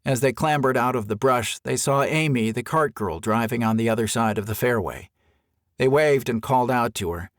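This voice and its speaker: A man narrating a novel as an audiobook, expressive storyteller. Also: medium pitch, moderate pace, no echo, clean studio sound. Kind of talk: scripted narration.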